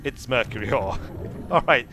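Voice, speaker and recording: A man gives playful let's play commentary, bright and sharp in tone, his voice swinging widely as he banters with in-game creatures. Faint game music sits beneath him. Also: medium pitch, expressive, normal speed. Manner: whimsical, chats to game creatures. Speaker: gaming streamer.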